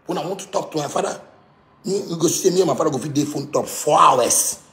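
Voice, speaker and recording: An angry Ghanaian man in his thirties vents in Ghanaian Pidgin English, stammering and circling back on the same words. His voice sits high with a rough, gravelly grain. The sound rings around a reverberant room. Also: quick pace, a bit bright. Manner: heated, repetitive, stammering outbursts. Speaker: musician. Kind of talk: angry rant.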